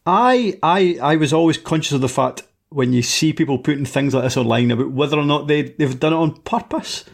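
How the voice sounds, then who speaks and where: Creaky-voiced podcast co-host. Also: male voice, on the high side, brisk. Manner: teasing, wordy, restarts often. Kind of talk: casual podcast chat.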